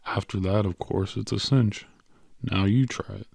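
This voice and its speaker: A man reading an audiobook, voicing a patient, cheerful little male stranger with quick, coaxing salesman patter. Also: fairly low pitch, steady tone, creaky, a little mellow, breathy edge, no room sound, heavily acted.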